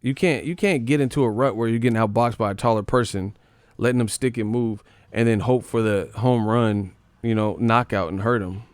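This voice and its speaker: A man's voice: on the low side, brisk, smooth, dry recording. A man hosting a live boxing stream, blunt and profane, answering questions from his chat. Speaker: boxing channel host.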